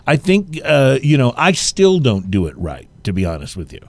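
Brief: male podcast co-host, mid pitch, relaxed and rambling, dry close-mic sound. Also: moderate pace, no echo. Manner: relaxed, rambling, self-deprecating. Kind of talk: casual chat.

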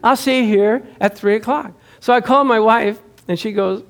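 A man's voice: high-pitched, moderate pace, creaky, few pauses, fairly bright tone. A man pastor giving a sermon, telling a chatty personal story and laughing often.

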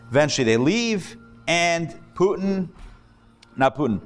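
A man, a rabbi, teaching a live class, telling jokes and chatting with the audience. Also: a little high. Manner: lively, jokey storyteller, chats with the audience.

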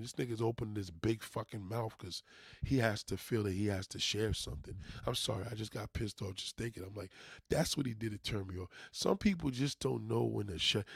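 A lowish, gravelly-voiced man rants with a husky edge, cursing freely as he vents to his viewers. He sounds like a small business owner talking straight into the camera in a dry, close recording. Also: fast, no room sound. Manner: profane, emphatic venting. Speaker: junk removal business owner. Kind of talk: casual rant to camera.

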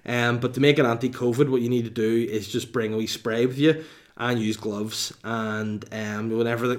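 A man's voice: medium pitch, fairly even intonation. Cheeky, crude man. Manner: cheeky, crude banter with quick asides. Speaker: comedian hosting a live Q&A stream. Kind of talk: casual live chat reading viewer questions.

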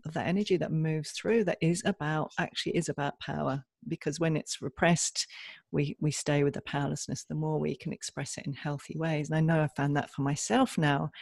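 Woman co-host, earnest reflective chat, gravelly tone, dry close sound. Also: low voice, darkish tone, no room sound. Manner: earnest, reflective, frequent restarts. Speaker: podcast co-host. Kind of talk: casual conversational chat.

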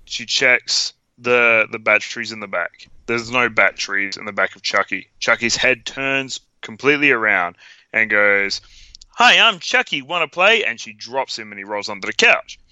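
A man co-hosting a podcast in casual, animated chat, teasing and retelling scenes. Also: normal speed, smooth, dry recording, muffled recording. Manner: animated, teasing, jumps into high voices. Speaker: podcast co-host.

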